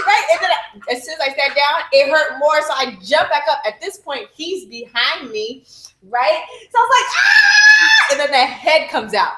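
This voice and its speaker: A woman's voice: high voice, fairly bright tone, reverberant, poor audio. A mother telling her home birth story to a group, candid and profane, acting out her own screams. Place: room at a baby celebration.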